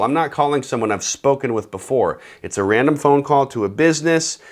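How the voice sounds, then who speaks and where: Thirties male host, comedic advice talk, sarcastic and animated, mid-pitched. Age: 30s. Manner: animated, sarcastic, acts out phone calls.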